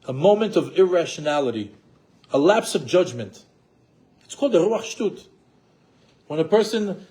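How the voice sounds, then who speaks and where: A middle-aged man teaching a class on marriage, lively with rhetorical questions and acting out what spouses say. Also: on the high side. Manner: animated, rhetorical questions, acts out quoted spouses. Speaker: Torah teacher.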